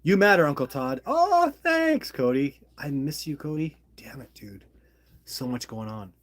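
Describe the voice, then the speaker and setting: A man's voice: mid-range voice, expressive, moderate pace. A middle-aged man hosting a casual livestream, chatting and reading viewer comments aloud in a friendly, apologetic way. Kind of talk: casual live-stream chat.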